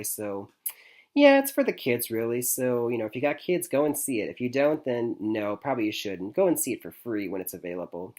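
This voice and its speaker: A man's voice: on the low side, darkish tone. A young man from Michigan giving a casual spoken movie review, rambling with many fillers and restarts and chuckling often. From Michigan, USA.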